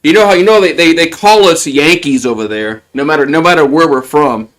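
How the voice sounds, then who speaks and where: A man's voice: fairly high pitch, fairly quick, fairly bright tone. Rambling play-by-play man. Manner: rambling, chuckles often, repeats words. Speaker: host doing play-by-play on a live stream. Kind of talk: casual live play-by-play commentary.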